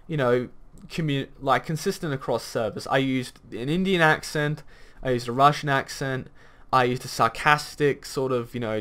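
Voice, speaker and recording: A man's voice: medium pitch, fairly bright tone. A man hosting a gaming commentary video, arguing bluntly, swearing at times, and rambling through lots of fillers. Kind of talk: reaction commentary rant.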